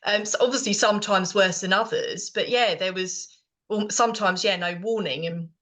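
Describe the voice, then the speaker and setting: A woman's voice: medium pitch, fairly even intonation, moderate pace, a bit bright. A middle-aged woman with a British accent, co-hosting a podcast in casual chat, rambling with many fillers and restarts. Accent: British English. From Britain. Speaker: podcast co-host.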